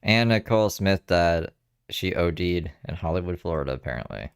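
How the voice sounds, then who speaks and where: Low, expressive, and at a normal pace, his voice carries vocal fry in a clean, dry studio recording. As a streamer reacting to a livestream, he offers casual, chatty commentary, swearing and laughing throughout.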